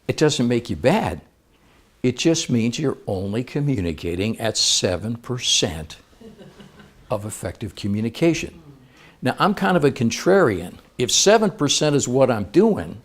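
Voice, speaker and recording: Seminar speaker, male, lively swinging pitch, playful, quizzes the room. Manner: lively, playful, engages audience with questions. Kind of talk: live seminar talk.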